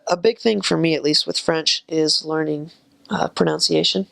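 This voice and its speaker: A man's voice: a little high, fairly even intonation, normal speed, creaky, sharp tone. A young man explaining earnestly in casual chat.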